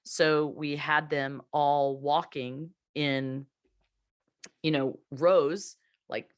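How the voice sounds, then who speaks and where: A woman's voice: sits low, dry recording, studio quality. A woman hosting a podcast, telling an anecdote in chatty, casual conversation. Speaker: podcast host.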